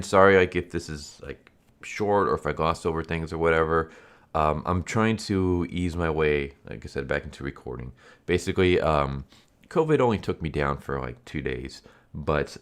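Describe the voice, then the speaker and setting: Very deep-voiced congested man. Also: moderate pace. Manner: rambling, easygoing. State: congested, sore throat. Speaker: comic book reviewer. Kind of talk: casual comic review.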